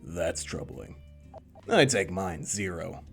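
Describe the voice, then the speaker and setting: A man voicing a calm, teasing young deliveryman with a dry, deadpan delivery. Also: low-pitched, slow pace, gravelly, soft background music, exaggerated voice. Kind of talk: visual novel voice reading.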